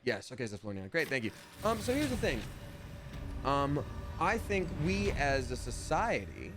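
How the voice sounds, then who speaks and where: A man's voice: medium pitch, very animated, normal speed, music in the background. A man in his thirties chatting casually while playing a video game live, reading chat aloud and slipping into playful voices.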